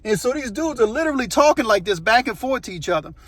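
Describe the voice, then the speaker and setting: A man's voice: extremely high pitch, lively intonation, fast, fairly bright tone, no echo. A man telling a true story in a casual, rambling way, often checking in with "you know what I mean". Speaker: storyteller, channel host.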